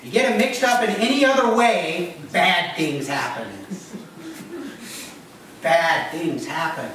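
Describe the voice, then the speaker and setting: A man's voice: sits high, slow, a bit bright. A man, the pastor, giving a conversational sermon with joking asides to his congregation in a church. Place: church sanctuary. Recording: echoey room, voice from far off, noisy.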